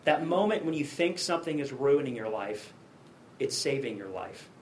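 A man's voice: medium pitch, expressive, moderate pace, a little hiss or hum. A man preaching a sermon in a conversational way, often checking in with his listeners with rhetorical questions. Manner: conversational, frequent rhetorical "right?" tags.

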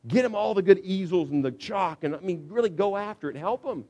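Animated man preaching a sermon. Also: high voice, brisk, highs cut off. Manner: conversational, animated, acts out parents shouting. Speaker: pastor.

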